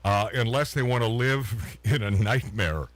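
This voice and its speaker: A man's voice: fairly low pitch, unhurried, no room sound. Blunt ranting male talk host. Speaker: radio show host. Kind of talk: opinionated talk radio chat.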